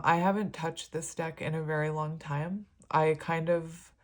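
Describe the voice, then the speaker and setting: Woman, tarot reader, casual rambling chat, somewhat low pitch, emotional. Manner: rambling, filler-heavy, easily moved.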